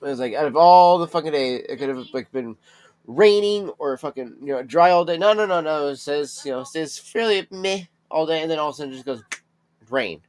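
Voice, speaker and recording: A man's voice: fairly high pitch, a little fast, darkish tone. A man streaming a game live, chatting casually with his viewers, swearing freely and cooing to his cats.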